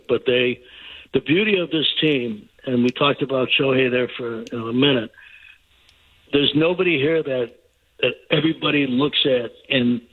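An older man, a guest on a sports radio show, speaking haltingly and repeating his words as he chats. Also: medium pitch, breathy edge. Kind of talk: sports radio call-in chat. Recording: tinny phone line.

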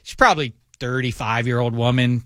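A middle-aged man co-hosting a sports radio show, telling a lively anecdote and acting out the quotes in it. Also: medium pitch, brisk, no echo, studio quality. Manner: animated anecdote teller, acts out quotes. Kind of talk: radio banter, storytelling. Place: radio studio. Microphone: studio microphone.

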